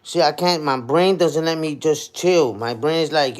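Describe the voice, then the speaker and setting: Speaking at a moderate pace in a voice on the high side, this livestream host in his forties chats casually from his phone. He answers viewer comments with plenty of slang and keeps punctuating remarks with "you heard?"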